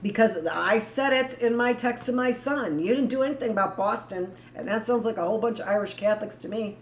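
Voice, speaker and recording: A woman's voice: on the high side, a little fast. A middle-aged woman teacher reading a book aloud to a live class and breaking off into blunt, rambling asides. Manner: rambling, blunt asides between read passages. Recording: echoey room with faint noise.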